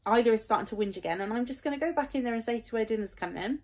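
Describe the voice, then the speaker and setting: A woman in her thirties talks straight to camera in a casual vlog. She is heartfelt and rambling, full of ums and likes, and her voice sits a little high. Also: very fast, a little mellow. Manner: emotional, heartfelt, rambling with many fillers. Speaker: parent vlogger.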